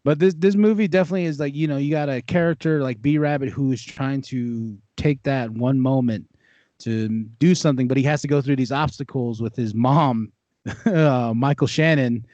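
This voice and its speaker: A man chatting casually about movies, telling animated stories and laughing often. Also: medium pitch, moderate pace, no echo. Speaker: podcast co-host. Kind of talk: casual chat. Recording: dull lo-fi dry sound.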